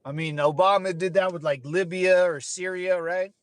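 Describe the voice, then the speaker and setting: A man's voice: high-pitched, fairly even intonation, moderate pace, no room sound. A young man and former Marine rambling casually while driving, swearing and laughing now and then. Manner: loose, swearing, laughing asides. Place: in a car.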